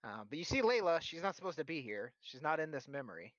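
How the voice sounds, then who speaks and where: A man narrating as game master of a tabletop game, halting with fillers and restarts, recorded with a dull lo-fi sound. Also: a little high, sing-song, a bit bright, no echo.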